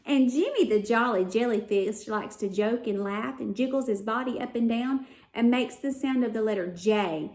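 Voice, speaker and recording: High-pitched female preschool teacher, sing-song story-led phonics lesson, recorded in a roomy, echoing space. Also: darkish tone. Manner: storytelling, drawn-out letter sounds. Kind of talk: phonics lesson for young children. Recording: echoey room.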